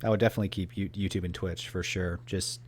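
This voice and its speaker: A man co-hosting a podcast, talking in a halting way with many restarts. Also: deep voice, fairly even intonation. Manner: halting, full of restarts and fillers. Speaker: podcast co-host. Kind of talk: casual chat.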